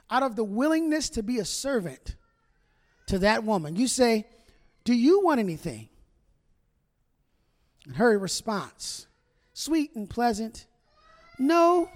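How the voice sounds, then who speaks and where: A man preaching a humorous sermon as pastor, joking and chatting directly with his congregation. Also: very high-pitched. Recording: long reverb of a large hall.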